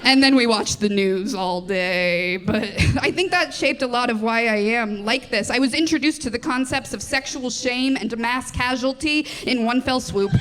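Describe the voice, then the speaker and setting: A woman in her twenties doing a live stand-up set on a comedy club stage. She talks quickly, with a self-deprecating tone, giggles often, and chats with the audience through a handheld mic. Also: on the high side, fairly bright tone, slight background noise. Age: 20s.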